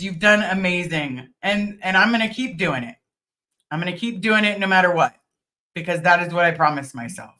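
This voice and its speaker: A middle-aged woman chats casually on her livestream, reading viewer comments aloud and answering them one by one. Her tone is bright and clear, earnest and thankful, with plenty of ums and small restarts. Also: mid-range voice. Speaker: livestream host.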